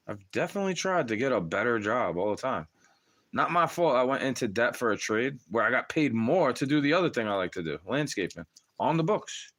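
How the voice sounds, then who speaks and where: A man's voice: medium pitch, a bit bright. A young man ranting on a livestream, profane and agitated, talking straight at the listener.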